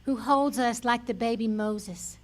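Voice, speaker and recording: A woman leading a church service, gently reading a solemn prayer and introducing the next speaker. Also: a little high, measured pace. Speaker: service leader.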